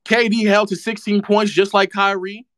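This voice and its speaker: A man's voice: sits high, flat delivery, normal speed, a bit bright, no room sound, studio quality. Sarcastic man ranting about basketball. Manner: sarcastic and mocking, repeats phrases for effect. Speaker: streamer.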